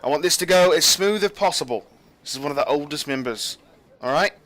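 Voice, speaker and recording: A man voicing a stern female half-elf guard captain who gives brisk orders in a tabletop game. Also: fairly high pitch, animated, fairly bright tone, voice pushed up. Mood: commanding.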